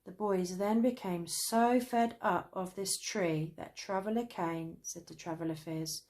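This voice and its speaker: A woman with a British accent narrating a children's story, gentle and even. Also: on the low side. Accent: British English. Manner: slow, gentle, lively voices.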